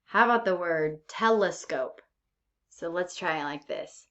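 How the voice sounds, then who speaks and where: A woman's voice: fairly low pitch, expressive, unhurried, background noise. A woman teacher giving a recorded lesson, speaking patiently and drawing out her example words. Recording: dull lo-fi recording.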